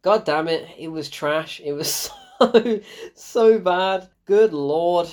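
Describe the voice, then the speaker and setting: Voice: medium pitch, slow pace, a little mellow. A film reviewer, giving a casual spoken review in an exasperated, sarcastic way, laughing often and swearing.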